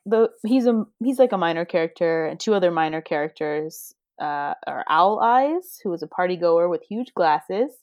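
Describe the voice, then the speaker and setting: A woman's voice: fairly low pitch, no room sound, lo-fi sound. A young woman co-hosting a podcast, chatting casually about a book, giggling and playfully quoting characters. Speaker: podcast co-host.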